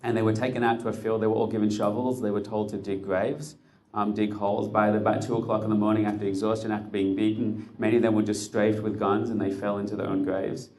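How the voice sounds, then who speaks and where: A man's voice: fairly low pitch, little pitch movement, fast talker, darkish tone. A man telling a dramatic story to listeners, building suspense with short, punchy phrases.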